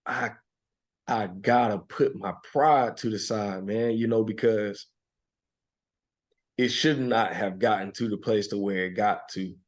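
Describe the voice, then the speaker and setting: Thirtysomething guy on a podcast, lowish voice, reflective and soft, gets emotional. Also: a little slow. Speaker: podcast guest. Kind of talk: heartfelt conversational storytelling.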